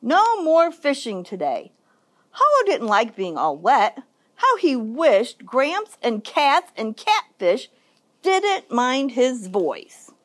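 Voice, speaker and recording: A woman children's librarian reading a picture book aloud for story time, in an expressive, sing-song storytelling manner. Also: fairly high pitch, takes it slowly.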